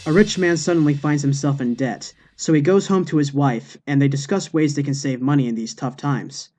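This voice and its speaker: A man's voice: on the high side, normal speed, darkish tone, soft background music. A man narrating a series of scripted jokes in a matter-of-fact reading voice. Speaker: joke narrator.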